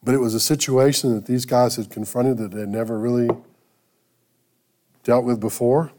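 Mellow-voiced male pastor telling a story. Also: mid-range voice, fairly even intonation. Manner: conversational, halting with restarts. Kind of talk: sermon with storytelling.

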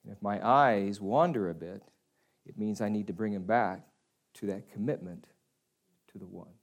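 A middle-aged man preaching a sermon in an earnest way, often dropping softer to speak as God. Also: fairly low pitch, moderate pace.

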